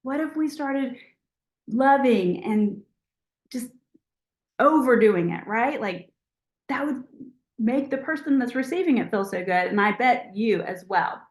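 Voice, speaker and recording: A woman leads a team call with a chatty, encouraging, motivational manner. Her voice sits fairly high and carries a roomy echo. She speaks over a video call mic. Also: a little slow, long pauses. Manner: chatty, encouraging, animated with acted-out quotes. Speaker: team leader hosting a call.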